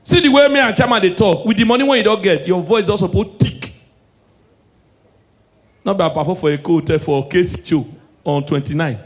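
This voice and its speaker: A stand-up comedian with a Nigerian Pidgin English accent, his voice sitting notably high for a man. He is loud and animated on stage and shouts his punchlines. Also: brisk, pauses often.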